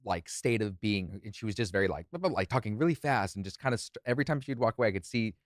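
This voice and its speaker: A man co-hosting a podcast, telling a story in relaxed casual chat and chuckling often. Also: lowish voice, fast talker, no room sound, clean studio sound. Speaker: co-host.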